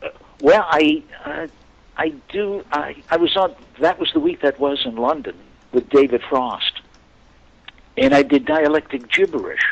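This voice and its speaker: Older actor guest, gravelly voice, animated storyteller who does the voices. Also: male voice, on the high side, unhurried, muffled recording. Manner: animated anecdotes, acts out quoted voices. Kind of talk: storytelling interview chat.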